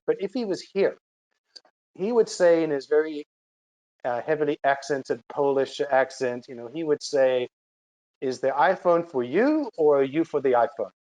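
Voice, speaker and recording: Casting: male executive on a webinar panel, mid-pitched, hesitant, leans on fillers, video call audio. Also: a little mellow, poor audio. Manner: halting, heavy on fillers like "you know".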